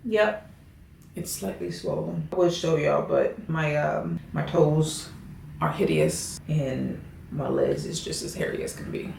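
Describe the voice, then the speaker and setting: Woman vlogger, lowish gravelly voice, casual self-deprecating chat in an echoey apartment. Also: a little slow, darkish tone. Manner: chatty, self-deprecating, addresses viewers as y'all. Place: indoors at home, her apartment. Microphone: camera set up on a stand. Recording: roomy, echoey room.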